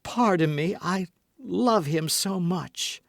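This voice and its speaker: A man's voice: sits high, takes it slowly, vocal fry, no room sound, studio quality, pitched above the performer's own voice, exaggerated voice. A man voicing an earnest, jealous young woman who speaks eagerly and pleads. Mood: pleading.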